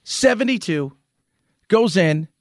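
A man with a fairly high voice hosts an opinionated news commentary. He talks in an animated, rhetorical way and keeps restarting his sentences. The sound is dry and close, with no room echo. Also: slow. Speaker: commentary show host.

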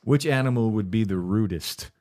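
A man's voice: fairly low pitch, normal speed, dark tone. A man hosting a casual podcast, reading out questions, laughing easily, swearing and pushing back playfully. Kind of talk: casual chat.

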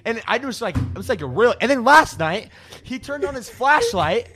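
Animated young man telling a story. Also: very high-pitched, moderate pace, faint music behind. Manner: animated storytelling, swearing, acts out roommates. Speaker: podcast co-host. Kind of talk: casual chat.

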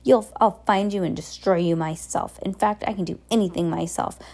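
A woman's voice: lowish voice, normal speed, mellow. A woman reading as a cruel boastful villain count. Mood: ranting. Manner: barking orders, gloating.

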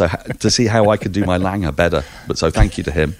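A man with a very deep voice chats as a podcast guest, wry and articulate, with bursts of energy. The recording is dry and close to the mic. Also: quick pace, no echo. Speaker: guest cricket commentator. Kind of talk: conversational podcast chat.

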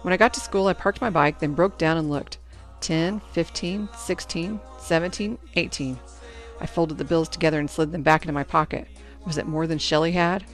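A woman narrating a first-person storybook in an expressive, anxious telling. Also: low-pitched, moderate pace, soft background music. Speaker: audiobook narrator.

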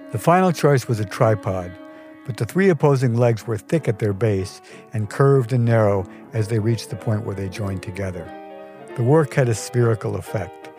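An older man narrating a personal story for his podcast, wry and measured. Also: on the low side, mellow. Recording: dry close mic, faint music.

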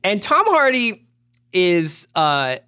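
A man's voice: high-pitched, big pitch swings, slow pace, bright, forceful tone, smooth, dry recording. A man co-hosting a podcast, chatting casually and dropping dry jokes. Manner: dry, joking asides. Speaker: podcast co-host. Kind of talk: casual chat.

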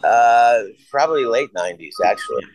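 A man's voice: medium pitch, very animated, normal speed, no room sound, poor audio. A man casually telling rambling, profane stories and acting out the dialogue. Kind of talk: casual conversation.

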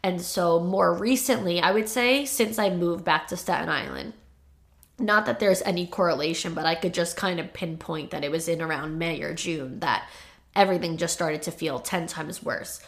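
A woman's voice: lowish voice, normal speed, a bit bright. A young woman hosting a podcast, confiding about her life in a rambling way, still choked up from crying. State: choked up, tearful. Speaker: podcast host. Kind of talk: casual personal monologue.

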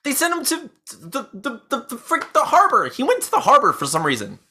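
A player faking a squeaky, stammering young thug. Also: huge pitch swings, a little fast, pushed and bright, heavily acted. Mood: flustered. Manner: stammering, high and strained. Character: panicky young male thug caught out, stammering.

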